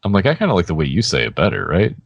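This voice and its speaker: A man co-hosting a podcast in casual chat, relaxed and laughing often, with sentences that trail off. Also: low voice, racing, husky, no room sound, lo-fi sound. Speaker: podcast co-host.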